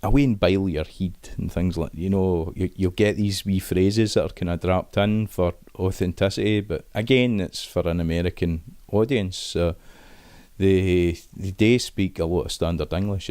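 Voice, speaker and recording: Casting note: Scottish man, middle-aged, low voice, dry close sound, chatty interview guest who restarts his sentences. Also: a little mellow, no echo. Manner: casual, thinking aloud with frequent restarts. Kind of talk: conversational interview.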